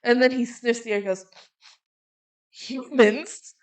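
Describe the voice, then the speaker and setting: A woman co-hosting a podcast, chatting casually as she recaps a movie and drops into quick acted quotes of its characters. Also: on the high side, steady tone. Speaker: podcast co-host.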